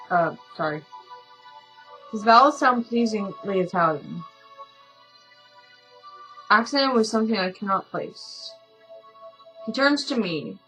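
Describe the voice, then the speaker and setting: Tired woman, chatty game reader, often corrects herself, mid-pitch, faint music behind. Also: a bit bright, rough recording. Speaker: game streamer. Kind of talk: reading a story game aloud with asides.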